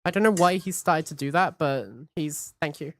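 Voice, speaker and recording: A woman's voice: low voice, moderate pace, a little hiss or hum. A woman streaming from home, chatting in a hyperactive, cheeky way and swearing freely. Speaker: VTuber streamer. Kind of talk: casual live-stream chat.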